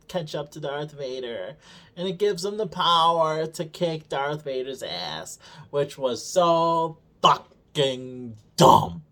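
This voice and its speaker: A man co-hosting a review show, recapping episodes in a casual, sarcastic way, swearing constantly and mockingly acting out the characters' lines. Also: on the high side. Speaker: show co-host reviewing a TV series.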